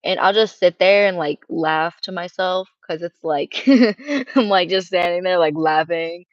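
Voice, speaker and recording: A streamer with a feminine-sounding voice, casually ranting and rambling, cursing freely and reading chat questions aloud. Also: female voice, fairly low pitch, a little slow, dry recording. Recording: dull lo-fi dry mic sound.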